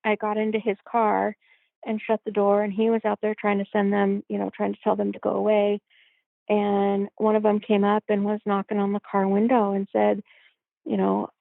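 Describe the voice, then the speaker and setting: A woman guest telling a personal story in a reflective way, filling pauses with "you know". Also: medium pitch, creaky, dry recording. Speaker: podcast guest. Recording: tinny phone-like line.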